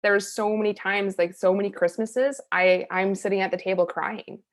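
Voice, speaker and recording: A woman's voice: mid-range voice, steady tone, moderate pace. A woman being interviewed as a hypnotherapist and coach, telling personal stories in a candid, rambling way full of "like" and restarts. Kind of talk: conversational storytelling in an interview.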